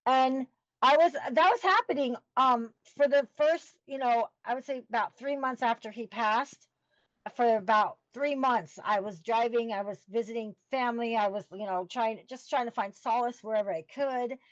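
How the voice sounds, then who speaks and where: A middle-aged woman telling her story as a podcast guest, earnest and halting as she searches for words. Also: fairly high pitch, no room sound, muffled recording. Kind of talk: personal storytelling in an interview.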